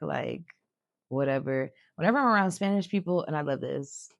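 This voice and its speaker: A woman's voice: deep voice, a little fast, gravelly, no echo, clean studio sound. A young woman co-hosting a casual podcast, blunt and joking, swearing freely. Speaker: podcast co-host.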